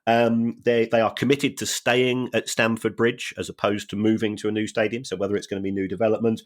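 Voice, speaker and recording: A man co-hosting a podcast, talking through football finances in a measured, wry way with frequent restarts. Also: lowish voice, flat delivery. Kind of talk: casual chat.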